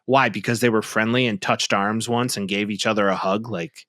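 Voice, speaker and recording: A man's voice: lowish voice, steady tone, normal speed, bright, forceful tone, no echo, studio quality. A man co-hosting a sports podcast in a casual, gossipy way, often repeating and restarting his words. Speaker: podcast co-host.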